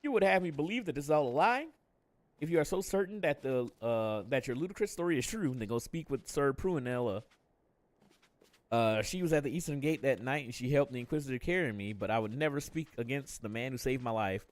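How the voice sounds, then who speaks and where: A man's voice: medium pitch, animated, brisk, lightly acted. A man reading out the lines of an indignant, loyal wounded knight from a game, with an offended, dismissive tone. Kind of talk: reading game dialogue aloud.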